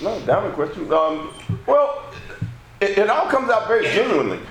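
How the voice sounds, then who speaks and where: A man on a press panel giving a measured, reflective answer. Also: high-pitched, very animated, crowd noise. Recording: echoey room, some background noise.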